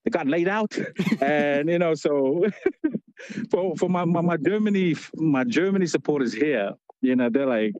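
A man's voice: fairly high pitch, unhurried, no echo, highs cut off. A man on a call into a morning show, telling stories with lots of laughter and restarts. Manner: laughing, energetic storytelling with many restarts. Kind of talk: casual chat on a phone line. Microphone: call-in line.

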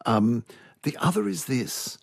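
A man's voice: mid-range voice, very animated, a little slow, vocal fry, slightly rough, no echo, studio quality. A man with an Australian accent hosting an interview, speaking in an engaged, emphatic way. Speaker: interviewer host. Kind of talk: conversational interview.

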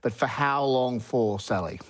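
A man's voice: medium pitch, unhurried. An Australian man presenting the sports segment on breakfast radio in an upbeat, chatty way.

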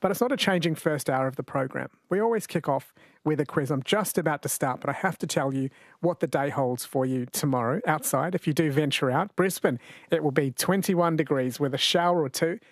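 A man hosting a late-night radio quiz, chatty and quick to laugh, slowing down to read each question. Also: a little high, no echo, studio quality. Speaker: radio host. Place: radio studio. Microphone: studio microphone.

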